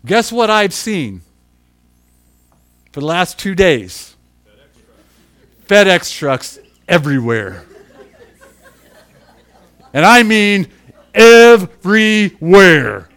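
A middle-aged pastor with a fairly high-pitched voice narrates a personal experience in his sermon. Quiet asides give way to loud, emphatic surges, and he keeps chuckling at himself in a self-deprecating way.

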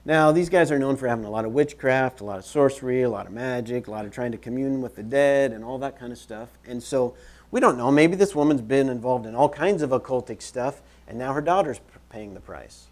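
A man preaching a sermon in church, conversational and animated, repeating phrases for emphasis as he moves about. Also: mid-range voice, brisk. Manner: moves around while preaching. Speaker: pastor.

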